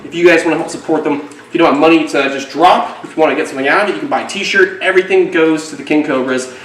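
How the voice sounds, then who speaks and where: This reptile keeper and show host hosts a casual animal-keeping vlog, talking enthusiastically and coaxing his reptiles along. His voice is a little high and a bit bright, and he talks fast. He's recorded from a distance in an echoey room with slight background noise.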